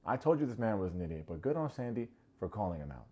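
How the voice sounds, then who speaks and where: A man hosting a comedic TV recap, sarcastic and quick to mock. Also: big pitch swings, mellow, husky. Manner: sarcastic, acts out quotes in high mocking voices. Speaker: recap show host.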